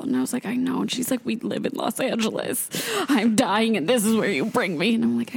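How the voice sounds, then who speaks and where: A woman's voice: medium pitch, brisk, vocal fry, few pauses, slightly rough. A young woman, co-host of a podcast, telling a casual story and acting out the other people in it. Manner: animated, acts out quotes in a put-on voice.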